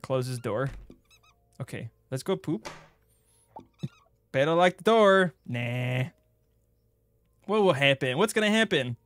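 A young man streaming a game playthrough, joking crudely and bursting into excited yelps. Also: mid-range voice, takes it slowly, long pauses. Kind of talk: gaming playthrough commentary.

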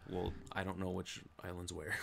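A man's voice: low voice, flat delivery, normal speed, gravelly, slight background noise. A man playing a video game, casually explaining what he does and defending his choices, humming to himself. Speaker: let's play player. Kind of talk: casual gameplay banter.

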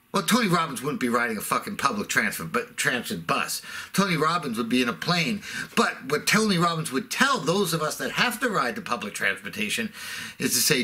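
A man's voice: mid-range voice, big pitch swings, a little fast, sharp tone, breathy edge. A middle-aged man telling a sarcastic, self-mocking comic rant. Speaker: comedic ranter.

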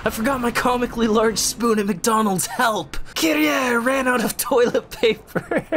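A man voicing a young male hero who is always melodramatic and yells everything, in a parody of a game. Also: extremely high pitch, normal speed, background noise, pitched above the performer's own voice. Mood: melodramatic yelling. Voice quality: shouting, over-the-top.

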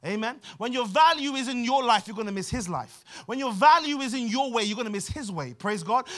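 A man preaching a sermon with a London accent, emphatic and repetitive, often dropping to quieter asides. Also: very high-pitched. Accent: London English. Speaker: pastor.

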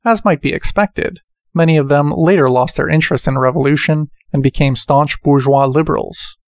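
A man reading a book aloud in a measured way, speaking the quotation marks as he goes. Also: fairly high pitch, gravelly, no room sound, studio quality. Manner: measured, reads quotations with quote marks spoken. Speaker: audiobook reader.

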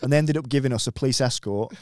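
A man's voice: medium pitch, racing, dry recording. A man rattles through a wild anecdote at speed, swearing freely as he goes. His voice sits mid-range and is recorded close and dry, with no room sound around it. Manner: swearing, animated anecdote telling. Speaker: comedian telling a story. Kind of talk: casual podcast chat.

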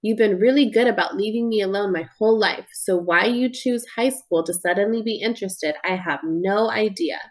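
A woman reading as a moody teenage girl, defensive and sharp-tongued. Her lines come out clipped and resentful. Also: medium pitch, normal speed, few pauses, close to an everyday voice.

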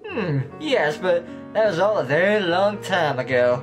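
Nidir, a man doing a gruff southern swordsman. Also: sits high, animated, a little slow, music in the background. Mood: drawling. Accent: American Southern, put on. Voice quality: slight lisp. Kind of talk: game dialogue read aloud.

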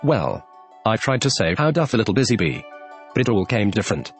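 A man's voice: mid-range voice, sing-song, moderate pace, faint music behind, natural voice. A man voicing a polite, earnest young girl who is puzzled.

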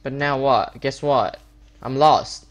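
This Minecraft YouTuber takes it slowly, with a medium-pitched voice, recorded on a desktop setup with a webcam. Frustrated, he complains over his gameplay, repeating himself and fumbling his words.

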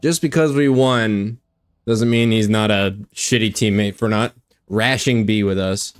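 A young man streaming a shooter game, commenting on his own play in an excitable, foul-mouthed way. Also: lowish voice, a little slow, clear, resonant tone. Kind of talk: live gameplay commentary.

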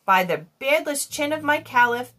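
A woman's voice: high-pitched, expressive, moderate pace, sharp tone, voice pushed up. A woman voicing a formal, solemn male genie who talks in old-fashioned phrases, in a read-aloud children's story.

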